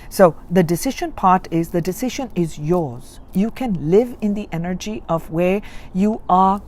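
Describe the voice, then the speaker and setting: Woman doing a chakra reading, kinda low voice, earnest and repeats herself, faint background hum. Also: lively intonation, a little slow, darkish tone. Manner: earnest, repetitive coaching. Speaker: spiritual reader. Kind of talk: guided self-help reading.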